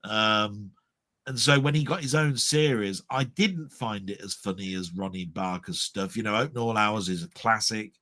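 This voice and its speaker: Here a middle-aged Englishman with a fairly low voice chats at a moderate pace about old comedy as a podcast co-host. His talk rambles, peppered with spirited impressions, and the live stream mic captures it without echo.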